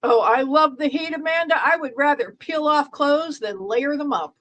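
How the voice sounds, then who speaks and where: A woman hosts a live stream and chats casually with her viewers, and her voice sits a little on the high side. She rambles along with plenty of fillers and restarts. She keeps up a playful, teasing banter with the chat. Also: normal speed, a bit bright, poor audio. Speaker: livestream host.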